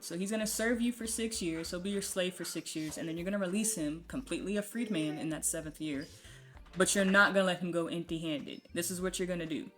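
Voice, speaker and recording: A woman's voice: lowish voice, fast, fairly bright tone, faint music behind. A woman giving a casual Bible teaching from home, talking conversationally and checking in with "right?". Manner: conversational, frequent "um" and "right?" tags. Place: home with a puppy nearby.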